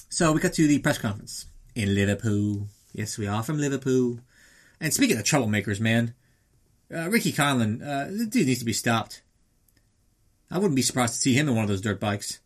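A man casually recapping a film in a rambling, sarcastic way, swearing often. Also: medium pitch.

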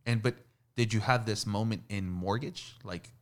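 A man hosting a casual interview, asking long, rambling questions in a relaxed, chatty way. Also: on the low side, normal speed. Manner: chatty, laughs easily, asks rambling questions. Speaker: podcast host.

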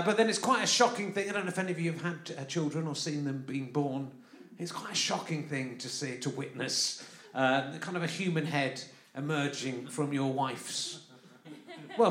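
This London man hosts a live comedy podcast, delivering a rambling, chatty monologue to an audience at a festival venue and often laughing mid-line. His voice is on the high side and a bit bright, and the room sounds spacious and live.

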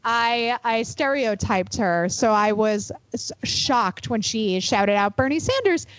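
A woman co-hosting a podcast chat, lively and emphatic, cursing for effect. Her voice sits a little high. The sound is dry and close, with no room in it. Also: slow pace, dry recording, rough recording. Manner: animated, profane, emphatic. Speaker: podcast co-host. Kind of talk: casual chat.

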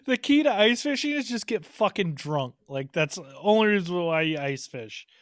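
A man chatting casually as a podcast host, easygoing and quick to laugh, with plenty of swearing. His voice sits a little higher than most men's. The sound is close and dry, with no room around it. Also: lively intonation, dry recording. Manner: laid-back, swears a lot, laughs often. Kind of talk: casual chat.

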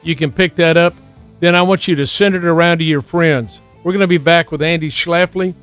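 A man's voice: a little high, steady tone, brisk, fairly bright tone, clean tone, muffled recording, soft background music. Urgent older male talk radio host.

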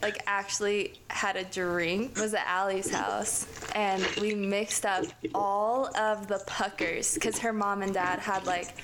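A woman's voice: mid-range voice, noisy background. A young woman casually telling a story to a friend, slangy and profane, full of "like" and "dude". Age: young adult.

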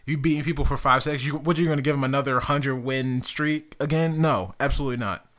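A man co-hosting a podcast in casual chat, excitable, laughing often and swearing freely. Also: medium pitch, fast talker. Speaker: podcast co-host.

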